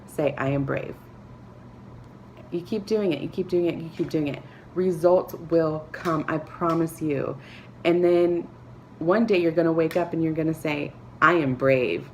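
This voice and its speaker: A woman talking to camera, giving earnest, encouraging advice with soft laughs and filler words. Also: low-pitched, steady tone, normal speed, slight background noise. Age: adult, a parent. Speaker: vlogger. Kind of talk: motivational talk to camera.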